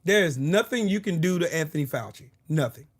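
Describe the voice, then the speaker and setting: A man's voice: fairly high pitch, expressive, brisk, slightly rough. A man hosting his own political commentary video, ranting angrily and profanely, full of sarcasm and repeating short phrases for emphasis. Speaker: political commentary channel host.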